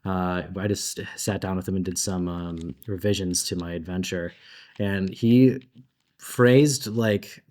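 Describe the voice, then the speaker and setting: Casting note: deep-voiced male designer, chatty and animated, convention panel guest. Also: slow. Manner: animated, chatty, laughs between thoughts, uses filler like "like".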